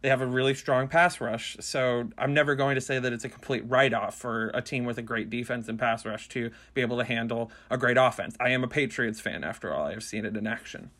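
A man's voice: mid-range voice, fairly even intonation, brisk, few pauses, a bit bright. A man co-hosting a sports podcast, chatting casually and teasing his co-host.

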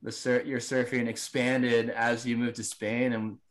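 Laid-back man with a monotone surfer voice. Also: medium pitch, unhurried. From New Jersey. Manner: laid-back, lots of fillers and agreement. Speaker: podcast host. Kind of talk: casual conversation.

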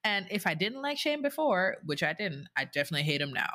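Low, bright female co-host; casual, blunt, fired up. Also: fast. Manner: animated, blunt, swears freely. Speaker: podcast co-host. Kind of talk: casual chat.

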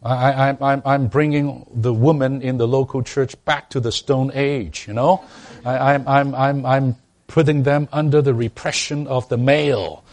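This is a man preaching a sermon in an even, middle-pitched voice. He speaks emphatically and stumbles into repeated restarts. He keeps turning to the congregation with rhetorical questions. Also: normal speed. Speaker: pastor.

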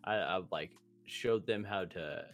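A man's voice: low-pitched, measured pace, faint music behind. A man in casual podcast chat with a friend, rambling and profane, laughing often. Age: adult, a parent.

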